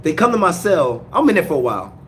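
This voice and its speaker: A man with a slightly higher voice tells a rough story in casual, slangy talk. He drops to low mutters for asides, then bursts out loud on the action. He stutters and repeats words as the story runs away with him. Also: fast, slight background noise. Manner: animated, jumps from low mutters to loud outbursts.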